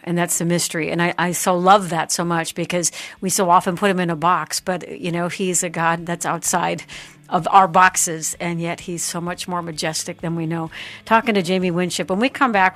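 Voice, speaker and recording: A woman's voice: on the low side, fairly bright tone, no echo. A woman hosting a radio talk show, affirming her guest with enthusiasm before a break. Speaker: radio host.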